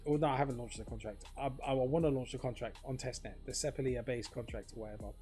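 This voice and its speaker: A man's voice: mid-range voice, fairly even intonation, fast, warm tone, faint music behind. A man talking casually to camera in a rambling, filler-heavy monologue, swearing freely. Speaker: crypto vlogger.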